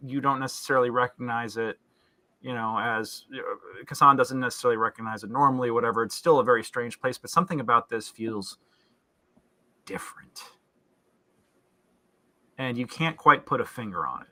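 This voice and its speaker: Bright-voiced man running a tabletop game. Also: mid-range voice, fast. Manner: descriptive, with frequent fillers and restarts. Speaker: game master.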